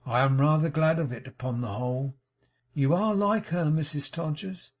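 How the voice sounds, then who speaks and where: A man voicing a sanctimonious, self-pitying middle-aged gentleman in an audiobook, mournful and unctuous. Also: fairly high pitch, normal speed, pitched above the performer's own voice, natural voice. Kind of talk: audiobook character reading.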